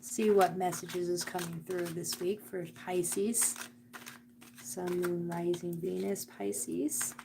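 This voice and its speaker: A woman's voice: on the low side, level tone, slow, gravelly, background noise. A woman giving a live tarot and oracle card reading, speaking earnestly and directly to the viewer about spirit and energy.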